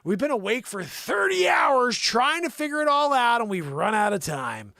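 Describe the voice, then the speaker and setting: A tearful, apologetic British pop diva in a wobbly mock cockney accent, as a man hams it up. The voice sits high and swings widely, and it sounds close and dry. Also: sing-song, normal speed, gravelly, pushed and bright, dry recording, full character voice. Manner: clumsy mock cockney accent, keeps breaking off.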